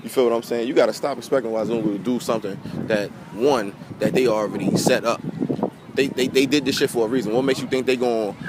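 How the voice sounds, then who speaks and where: Standing by a pier near the water, a fast-talking vlogger with a medium-pitched voice speaks to camera in an emotional, impassioned monologue. He swears, repeats himself, preaches, and addresses his viewers as family over outdoor wind and water noise.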